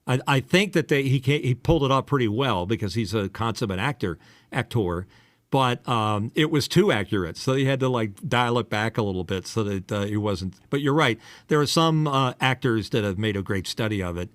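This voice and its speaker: Animated man trading voice-work stories. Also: mid-range voice, dry recording, studio quality. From United States. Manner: animated, tosses in quick voice impressions. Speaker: podcast co-host and commercial voice actor. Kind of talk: casual chat.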